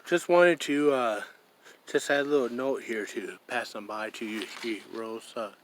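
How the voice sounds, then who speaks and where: Slow-talking rambling man outdoors. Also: mid-range voice, fairly even intonation. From Iowa, USA. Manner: slow and rambling, refers to himself in the third person. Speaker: vlogger. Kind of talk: casual vlog to camera.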